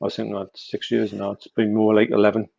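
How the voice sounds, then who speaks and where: A man's voice: lowish voice, completely flat delivery, quick pace, gravelly, mellow, a little hiss or hum. A man with a Newcastle accent, chatting casually on a video call and telling rambling, self-mocking stories. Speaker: live stream co-host. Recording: dull lo-fi call audio.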